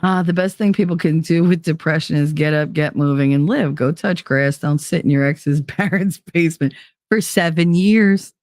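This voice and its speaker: A podcast host with a low, darkish voice tells a story at a moderate pace in a casual monologue. She's blunt and profane and says "like" constantly. The studio sound is clean, with no room sound.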